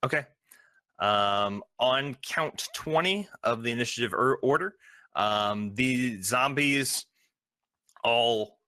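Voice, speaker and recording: A man's voice: mid-range voice, sharp tone, no room sound. A man running a tabletop game as game master, narrating with many ums and uhs. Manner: halting, filled with ums and uhs.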